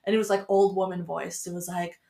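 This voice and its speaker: A woman's voice: on the low side, little pitch movement, brisk, creaky, a crowd in the background. A young woman hosting a podcast, chatting casually in a bubbly, giggly way with plenty of fillers. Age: young adult. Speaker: podcast host. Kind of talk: casual chat. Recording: roomy echo.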